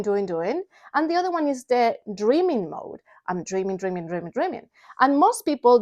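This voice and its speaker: A woman in her forties, talking casually to camera in a personal vlog, animated and excitable, dropping into hushed asides and then bursting with enthusiasm. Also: fairly high pitch. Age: 40s. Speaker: vlogger and entrepreneur.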